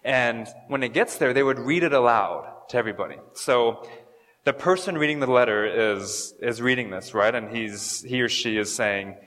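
A man's voice: mid-range voice, moderate pace, a bit bright. A man giving a casual, conversational sermon, joking and stumbling over fillers and restarts as he explains scripture. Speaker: pastor. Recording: long hall reverb.

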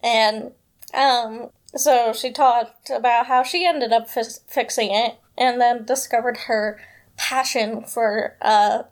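Brief: woman host, casual chat, rambling with lots of fillers, somewhat high pitch. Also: steady tone, slow. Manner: rambling, chatty, many fillers. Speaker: podcast host.

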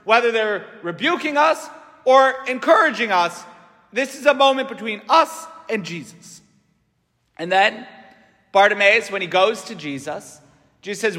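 A high, expressive, sharp-toned male voice at a measured pace gives a conversational homily in church. He often checks in with his listeners through "right?" tag questions, and long reverb fills the space.

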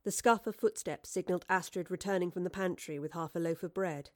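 A woman narrating an audiobook in a measured storytelling manner. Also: on the low side, no echo, clean studio sound. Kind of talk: scripted narration.

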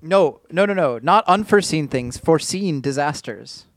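A man guesting on a casual podcast chat, rambling in halting starts and jumping in to interrupt. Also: on the high side, animated, no room sound.

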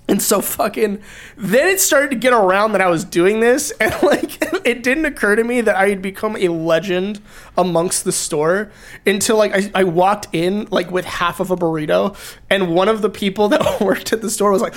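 A young man guest on a casual podcast, telling animated stories full of swearing and laughter. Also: high voice, moderate pace.

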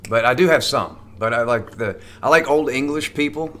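A man's voice: medium pitch, a little fast, sharp tone. A man, a stand-up comedian, chatting casually as a podcast guest, stammering and restarting often as he rambles.

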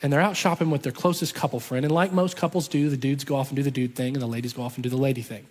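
A man's voice: medium pitch, fairly even intonation, rapid-fire. A man preaching a sermon, telling a story with passion and driving his points home through repetition. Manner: impassioned storytelling with emphatic repetition. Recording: long reverb of a large hall.

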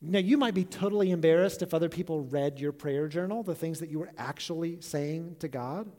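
A pastor preaching a sermon in a church, earnest and reflective, letting his voice drop soft at the ends of phrases. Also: fairly high pitch, a little fast. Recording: long echo of a large hall.

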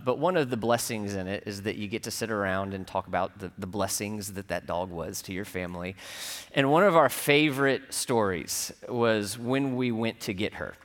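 A man preaching a sermon in a church, telling a personal story in a relaxed, conversational way with dry humor. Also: fairly low pitch. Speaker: pastor. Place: church sanctuary. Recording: long hall reverb.

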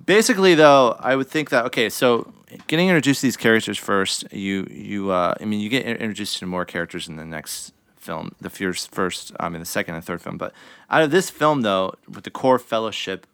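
Man, low smooth voice, casual podcast host, rambling, swearing, dry close sound. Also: lively intonation, fairly quick, a bit bright, no room sound. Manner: rambling, frequent fillers and swearing. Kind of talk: casual film chat.

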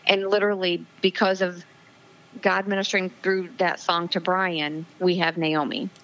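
Interview guest, woman, 40s, earnest and emotional, lots of ums, slightly low voice, muffled phone audio. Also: flat delivery, moderate pace, fairly bright tone. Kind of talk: personal testimony in interview.

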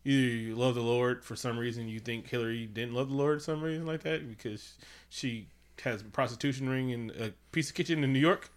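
A man co-hosting a casual comedic chat at home, animated and profane, often slipping into mocking quoted voices. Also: mid-range voice, fairly quick. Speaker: podcast co-host.

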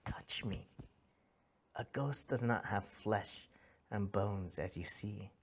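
A man in his thirties preaching a conversational sermon, earnest and animated, telling stories with restarts and asking "right?" along the way. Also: fairly low pitch, slow, husky. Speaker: pastor.

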